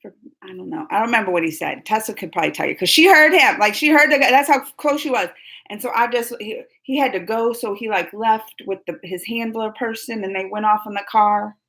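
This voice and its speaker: A young woman hosting a live stream, excitedly retelling a fan encounter in casual chat, full of quoted dialogue and squeals. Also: medium pitch, brisk, poor audio. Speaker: livestream host.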